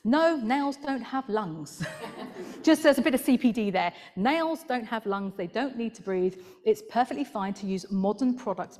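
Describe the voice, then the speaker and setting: A woman's voice: mid-range voice, darkish tone. A woman podiatrist presenting slides at a conference, chatty and laughing at her own asides.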